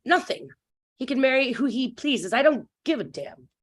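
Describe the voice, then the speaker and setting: Brief: woman reading a proud, sharp-tongued diva, sarcastic and bitter. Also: sits high, expressive, normal speed, husky. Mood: tense. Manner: cutting, sarcastic. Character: young female opera singer, proud and jealous. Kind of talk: table-read acting.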